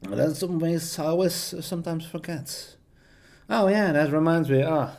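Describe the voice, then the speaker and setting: A man's voice: fairly high pitch, normal speed, darkish tone. A young man chatting casually on a stream, rambling in a self-deprecating way with slightly non-native phrasing. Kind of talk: casual chat showing off voices.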